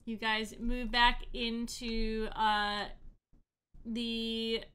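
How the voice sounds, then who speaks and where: A woman narrating and running a tabletop game as game master, animated and often laughing. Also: a little high, extremely slow, smooth.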